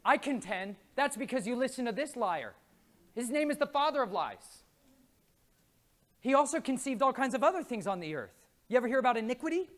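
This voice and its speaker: A man preaching to a live conference crowd, his voice swooping up and down with animated, lively inflection. He tells stories with jokes and plenty of energy. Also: very high-pitched. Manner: lively, jokey, acts out quoted voices. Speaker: conference speaker. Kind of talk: animated faith talk with storytelling. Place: conference room before a live audience.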